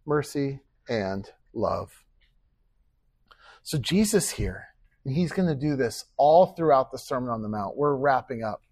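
A man's voice: mid-range voice, expressive, unhurried, darkish tone, husky, no echo. A man preaching a sermon as pastor, earnest and conversational, with rhetorical questions and acted-out quoted speech.

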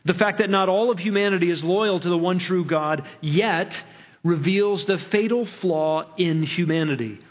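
A man pastor preaching a sermon, earnest, slowing down to stretch key words. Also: sits high.

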